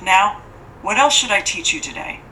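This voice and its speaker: A woman narrator voicing a cold, imperious lady who means to fatten up a child, speaking in a formal, unhurried way. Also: mid-range voice, lively intonation, sharp tone. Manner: formal, stiff, unhurried speech. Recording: distant mic with faint hiss.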